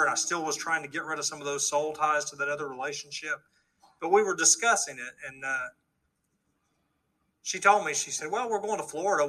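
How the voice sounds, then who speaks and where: A man's voice: fairly high pitch, sharp tone, poor audio. A middle-aged man earnestly telling his testimony story to a live audience, acting out the dialogue he quotes. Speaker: speaker giving a testimony.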